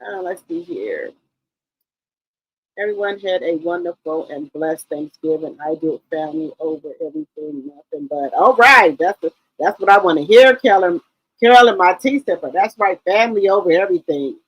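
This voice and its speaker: A woman's voice: fairly low pitch, animated, moderate pace, slightly rough, dry recording, highs cut off. A woman hosting a casual live stream, greeting viewers one by one and rambling loosely with many ums.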